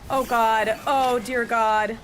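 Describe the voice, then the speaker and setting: A woman streaming a game live, chatting casually and breaking into frantic shrieks and shouts when she gets scared. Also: fairly high pitch, fairly even intonation, slow pace.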